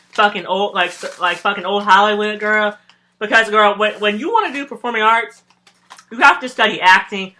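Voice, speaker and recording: Sassy, very bright-voiced young man. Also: high voice. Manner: sassy, profane, rambling and animated, calls listeners girl. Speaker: podcast host. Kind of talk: casual storytime podcast while eating.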